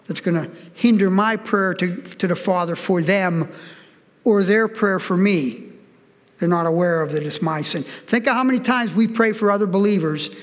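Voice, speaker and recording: Older male pastor in his 60s, high-pitched, earnest sermon delivery, long echo of a church hall. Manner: earnest, personal storytelling, direct appeals to listeners.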